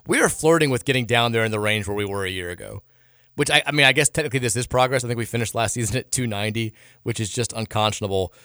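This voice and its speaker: A man's voice: medium pitch, quick pace, sharp tone, dry recording, studio quality. A man hosting a sports radio show, talking in a frustrated, sarcastic, rambling way with many restarts. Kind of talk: casual sports radio talk.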